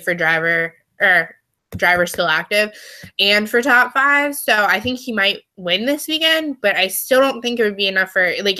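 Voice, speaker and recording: A young woman co-hosting a casual chat show, animated and teasing. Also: mid-range voice. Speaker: podcast co-host.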